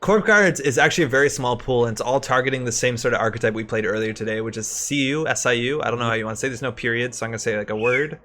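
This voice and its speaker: A young man co-hosting a livestream, talking fast and casually about card game strategy with lots of fillers. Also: medium pitch. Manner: fast, animated, filler-heavy analysis. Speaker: co-host discussing card game.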